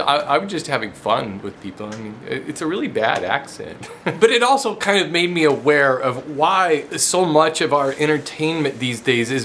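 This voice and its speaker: A man's voice: medium pitch, fairly bright tone, a little hiss or hum. Chatty laughing man in his shop. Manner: chatty and self-deprecating, laughs often mid-sentence. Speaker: woodworking show host. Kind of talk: casual chat to camera. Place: woodworking shop.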